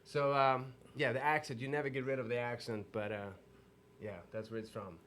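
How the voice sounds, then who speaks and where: A man from Sweden with a Swedish accent, a guest telling stories in a casual interview in an animated way. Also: mid-range voice, fairly quick, a little hiss or hum. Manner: animated storyteller with restarts.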